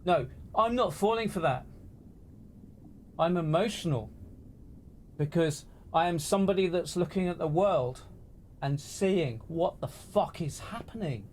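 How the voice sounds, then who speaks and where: A man talks to his livestream viewers with a slightly higher voice than most men. He rants with passion, swears freely and keeps circling back to the same points. A faint low rumble sits behind him. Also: expressive, unhurried, long pauses, a little mellow. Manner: impassioned, swearing, repetitive. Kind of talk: emotional livestream rant.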